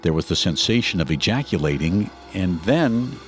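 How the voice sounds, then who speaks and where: A man narrating a scripted true story for a podcast with expressive, dramatic delivery. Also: sits low, moderate pace, faint music behind.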